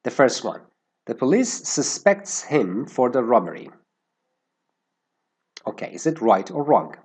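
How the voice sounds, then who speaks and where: A man teaching an English lesson, explaining word use slowly and carefully and stressing how words sound. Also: mid-range voice, big pitch swings, darkish tone, breathy edge.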